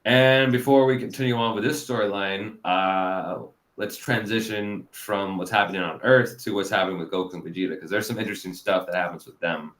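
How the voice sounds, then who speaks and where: A man's voice: fairly low pitch, steady tone, brisk, a bit bright. A man hosting a casual review chat, rambling with lots of fillers and frequent laughs. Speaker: podcast host.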